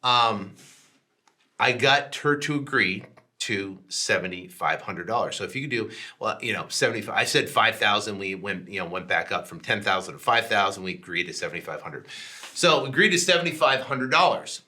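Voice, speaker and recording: A man hosts his own podcast with a very bright, forceful voice. He tells the story in a loose, conversational way, full of restarts, and slips into the voices of the people on the phone to act out the calls. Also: fairly low pitch, moderate pace. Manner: animated, acts out both sides of phone calls; frequent restarts and "right?" tags. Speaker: podcast host. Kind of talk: casual storytelling.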